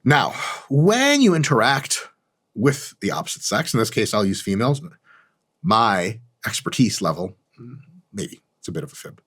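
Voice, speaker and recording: Man, husky voice, animated pitch, comedic monologue, swaggering, profane, mock-arrogant. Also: moderate pace. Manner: lively, animated delivery with big pitch jumps. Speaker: channel host.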